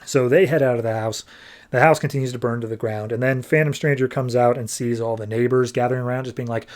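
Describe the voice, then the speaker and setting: A man hosting a podcast, recapping a comic book issue in a chatty, casual way with quick asides. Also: mid-range voice, steady tone, darkish tone. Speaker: podcast host.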